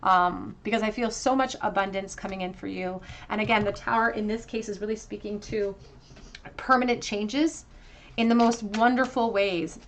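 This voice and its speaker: A woman's voice: medium pitch, steady tone, a little hiss or hum. Earnest woman doing a tarot reading. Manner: earnest, emotional, halting with many fillers. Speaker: tarot reader.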